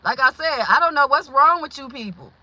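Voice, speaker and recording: Bright-voiced, blunt woman venting. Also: high voice, a little fast, no echo, low-quality recording. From Milwaukee, Wisconsin. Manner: animated, blunt, confrontational. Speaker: vlogger. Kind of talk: venting monologue.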